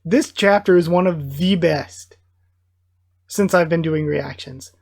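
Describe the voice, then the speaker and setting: Excitable reaction host reading a comic chapter out loud, gets hyped a lot. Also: mid-range voice, slow, gravelly. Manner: excitable, bursts of enthusiasm between plain read-aloud passages. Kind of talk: live reaction while reading aloud.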